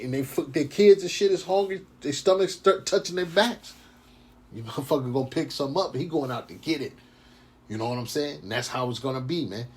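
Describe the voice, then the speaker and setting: A man preaching informally on scripture, reading verses slowly and then commenting in heated, profane slang. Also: a little high, darkish tone, slightly rough. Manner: gets fired up. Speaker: scripture teacher.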